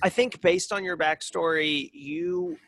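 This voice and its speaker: A man's voice: a little high, very animated, unhurried, vocal fry, fairly bright tone. A man narrating a tabletop game as game master, in a casual, rambling way full of fillers.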